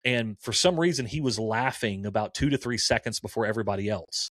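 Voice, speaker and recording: Speaking fairly quickly in a lowish voice, this campus minister in his forties spins stories conversationally, performing each quoted line with animation. The recording is clean studio sound with no echo.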